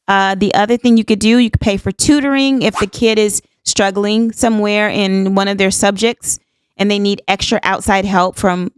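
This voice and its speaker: A woman in her fifties hosts a podcast, giving a casual monologue in an earnest, emphatic, folksy way, saying things like "honey child" and "y'all" and repeating herself for emphasis. Her mid-range voice is steady and smooth at a moderate pace, in a dry recording.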